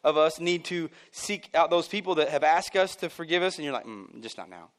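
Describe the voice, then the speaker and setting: A man preaching a sermon at a church service. His voice jumps high and loud on his points, then falls low and quiet. Between those points he drops in casual asides with a chuckle. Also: fairly quick. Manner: animated and emphatic, swinging from loud bursts to near-quiet. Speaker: pastor.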